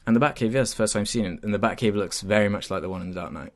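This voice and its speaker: Man, low-pitched, casual game review chat, lots of fillers and restarts. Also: very fast. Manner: chatty, hesitant, many fillers and restarts.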